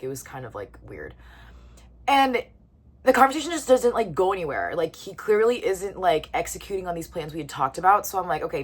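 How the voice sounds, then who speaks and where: A young woman in her twenties telling a story to the camera in a casual, chatty way, full of "like" and pausing to eat. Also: lowish voice. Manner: chatty, lots of "like", eating while talking. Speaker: vlogger.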